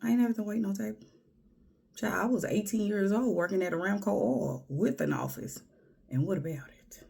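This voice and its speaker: Gravelly-voiced woman, blunt and sassy. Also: medium pitch, a little fast, warm tone. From Houston, Texas. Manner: blunt, sassy, often drops to a whisper. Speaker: vlogger. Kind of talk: casual advice monologue.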